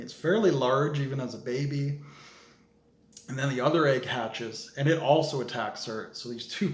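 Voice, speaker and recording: A man's voice: medium pitch, reverberant. A man talking casually through a story he has written, rambling with many fillers. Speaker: fiction writer. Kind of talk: casual vlog explanation of a story.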